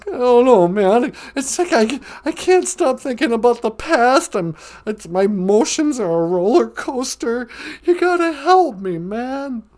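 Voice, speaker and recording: A man's voice: very high-pitched, big pitch swings, measured pace, a little mellow, pitched above the performer's own voice, full character voice. A man voicing a panicky male cowardly lion who calls in and rambles about his fears. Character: jittery anxious male cowardly lion caller. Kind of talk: comedy podcast bit.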